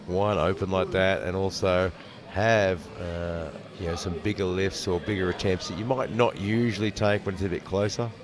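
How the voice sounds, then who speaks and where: A man commentates live powerlifting from a commentary box at a competition venue, giving each lifter's name, country and weight before his analysis. His voice is low, fairly even in intonation and at a normal speed, with live crowd noise behind him.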